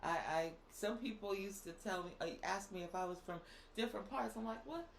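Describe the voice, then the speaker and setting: A woman's voice: mid-range voice, a little fast, creaky. Chatty Boston woman in a roomy space. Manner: animated, laughs often, drops Spanish exclamations. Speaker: co-host. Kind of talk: casual mukbang chat. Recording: roomy with faint noise.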